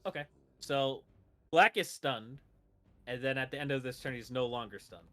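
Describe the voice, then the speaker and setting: Bright-voiced male game master. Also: mid-range voice, moderate pace. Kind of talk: narrating a tabletop game.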